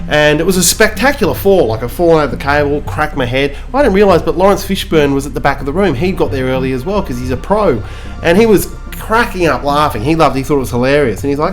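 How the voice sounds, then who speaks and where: Male comic telling a rambling, self-mocking story; voice sits a little high, with soft music under it. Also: lively intonation, fast. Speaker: comedian.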